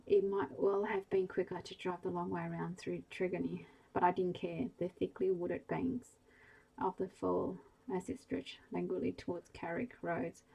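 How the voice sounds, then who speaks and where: A woman with a low, dark voice reads a bedtime story in a soft, hushed ASMR manner. Her tone is husky with a gravelly edge. She keeps her delivery flat and even throughout. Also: rough recording. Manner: slow, hushed, gentle reading.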